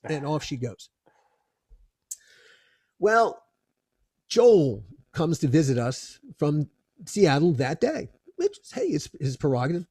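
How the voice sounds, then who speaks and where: A man, a film producer guest, telling a lively anecdote in an expressive way and often restarting his phrases. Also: on the high side, takes it slowly, pauses often, husky, dry recording, studio quality.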